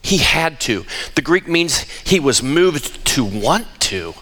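A man preaching a sermon, asking rhetorical questions and dropping to hushed tones for emphasis. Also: very animated, slow pace. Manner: dramatic, drops to hushed low tones for emphasis; asks the audience rhetorical questions.

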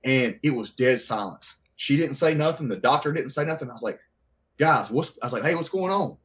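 Podcast guest, man, 30s, from the Southern US, lively storyteller who acts out quotes. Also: mid-range voice, a little fast. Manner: animated, acts out quoted voices. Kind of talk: casual storytelling.

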